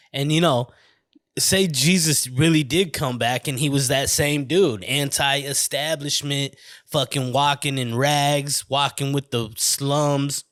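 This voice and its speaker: Male podcast host, a bit drunk, profane and stumbly, slightly high-pitched, dry sound. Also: fairly bright tone, no echo. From Southwest US. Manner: profane, stumbling, tangent-prone. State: a little drunk. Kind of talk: casual rambling podcast monologue.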